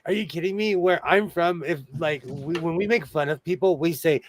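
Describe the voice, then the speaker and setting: A man's voice: on the high side, normal speed. A man hosting a casual sewing chat, telling stories and laughing often. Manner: animated storyteller who laughs often. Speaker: host.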